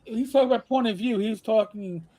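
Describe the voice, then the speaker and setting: A man who hosts a podcast, talking in a casual panel chat, animated and halting with many restarts. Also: sits high. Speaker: podcast host.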